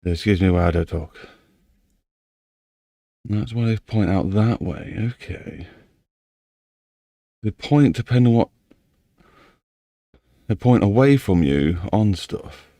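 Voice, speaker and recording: A man's voice: fairly low pitch, animated, slow, pauses often, mellow, dry recording. A man, slightly out of breath, thinking aloud to himself as he builds a game map. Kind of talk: casual commentary while building a game map.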